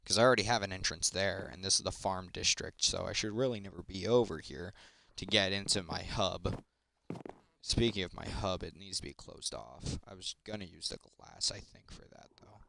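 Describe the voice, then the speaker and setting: Low-voiced man rambling over gameplay. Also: normal speed, creaky, a little hiss or hum. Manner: rambling self-talk, jokey asides. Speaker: streamer. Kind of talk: casual gaming commentary.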